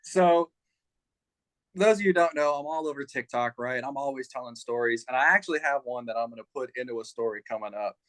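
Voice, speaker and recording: A man from Louisiana with a Southern accent, an Army veteran guest telling lively stories in a casual interview. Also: mid-range voice, a little fast, dry recording. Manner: animated, laughing storyteller. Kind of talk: casual storytelling.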